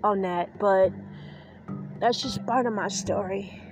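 A woman's voice: medium pitch, takes it slowly, over music. A woman hosting a podcast, talking in an emotional, defiant personal monologue and getting choked up at times. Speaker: podcast host.

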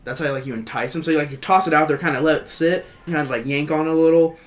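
A man's voice: a little high, rapid-fire. A man co-hosting a casual podcast, talking loosely with lots of filler words and swearing. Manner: animated, profane, many fillers. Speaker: podcast co-host.

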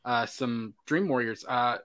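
A man's voice: mid-range voice, a little slow, a bit bright. A man hosting a podcast in casual chat, upbeat and reading viewer comments aloud. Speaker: podcast host.

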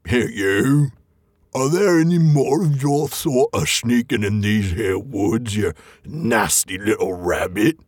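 A man reading aloud and voicing Bert, a suspicious, threatening male troll who speaks in a slow drawl. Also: fairly low pitch, no echo, clean studio sound.

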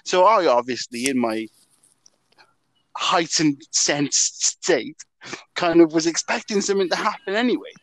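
Welsh lad with a high voice, swearing a lot, dry close sound. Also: male voice, measured pace, no room sound, poor audio. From Wales. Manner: animated, swears a lot, laughs mid-story. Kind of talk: casual storytelling chat.

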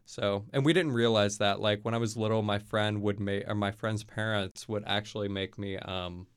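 A man's voice: fairly low pitch, steady tone, normal speed, clear, resonant tone. A young man from Kentucky, a college student guest, telling stories in a casual interview with lots of fillers. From Kentucky, USA. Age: young adult. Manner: chatty, storytelling, many fillers.

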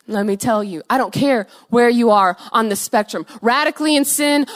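A young woman giving an earnest, emotional testimony sermon, her voice swinging between soft and loud, with laughs between phrases. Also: fairly high pitch, a little fast, few pauses.

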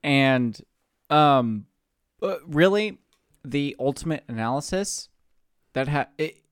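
Slow-talking, giggly, drunk man. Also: fairly high pitch, lively intonation, smooth, no echo, clean studio sound. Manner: giggly and rambling. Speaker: podcast co-host. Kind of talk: casual chat.

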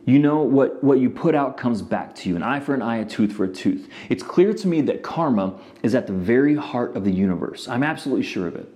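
A man's voice: mid-range voice, expressive, fairly quick, hardly any pauses, mellow. A man speaking earnestly and personally in an interview clip. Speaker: rock musician in an interview clip. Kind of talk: reflective interview talk.

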